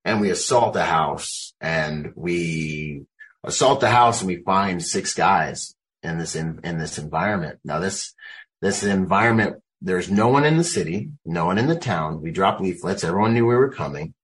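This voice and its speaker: A man's voice: sits low, expressive, moderate pace, rough recording. A military veteran, a man, recounting his experiences in loose, casual storytelling full of "like.".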